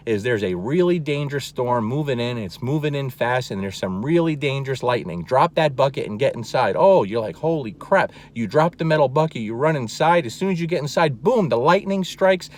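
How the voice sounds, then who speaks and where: A man's voice: mid-range voice, sing-song, a little fast, hardly any pauses. A man teaching as a dog trainer, talking plainly and emphatically, often checking in with "okay?" and repeating key words. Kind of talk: instructional talk to camera.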